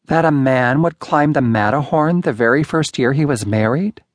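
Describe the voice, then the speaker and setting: A man's voice: mid-range voice, moderate pace, no echo, pitched above the performer's own voice, lightly acted. A man voicing the narrator's wife in an audiobook story, asking pointed, knowing questions in a raised voice. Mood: skeptical. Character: narrator's wry, skeptical wife.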